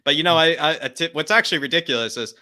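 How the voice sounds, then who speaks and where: Man, co-host, fast talker, very bright tone, lower pitch, casual stream chat.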